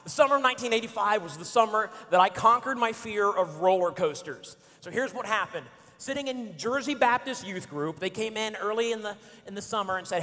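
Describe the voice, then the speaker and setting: A man's voice: high-pitched, fast. A man in his forties giving a playful storytelling sermon as a pastor, acting out his friends' lines. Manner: animated, playful, acts out friends' lines with shouts and laughs. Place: church auditorium. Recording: church hall reverb.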